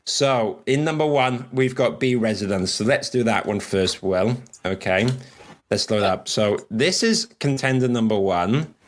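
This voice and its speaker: A man's voice: fairly low pitch, lively intonation, a little slow. A man from Wales hosting a casual livestream chat, chatty and rambling, laughing often. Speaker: host.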